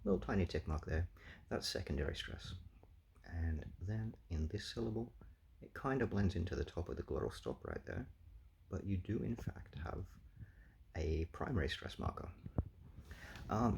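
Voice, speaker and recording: Very deep gravelly man. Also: animated, brisk, a little mellow, slight background noise. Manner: thinking aloud with many fillers. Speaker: language game player. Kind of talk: casual explanatory commentary.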